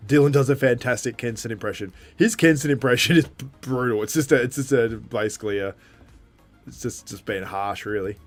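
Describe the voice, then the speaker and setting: A man casually commenting on a live event for his stream, chatty and quick to restart his sentences. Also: mid-range voice, faint music behind. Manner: chatty, with frequent restarts and laughter. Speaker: livestream host.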